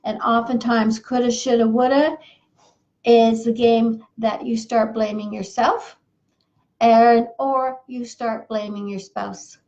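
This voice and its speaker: A woman's voice: on the high side, little pitch movement, takes it slowly, darkish tone, lo-fi sound. A woman coaching couples in an earnest, repetitive, folksy monologue while losing her voice. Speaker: marriage coach. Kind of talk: advice monologue.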